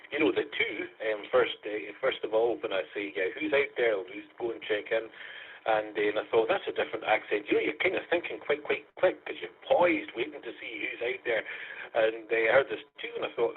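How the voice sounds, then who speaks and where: Scottish net controller, husky voice, phone-thin radio audio, chatty host. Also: male voice, medium pitch. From Scotland. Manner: chatty, warm sign-offs with call signs. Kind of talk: amateur radio net chat. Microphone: radio transmission. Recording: tinny phone-like radio link.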